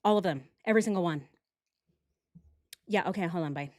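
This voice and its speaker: A woman's voice: fairly low pitch, fairly quick, a little mellow, no echo, clean studio sound, lightly acted. A woman putting on a mocking impression of a petty, melodramatic young woman who rattles off orders on the phone, whiny and over the top. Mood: bossy.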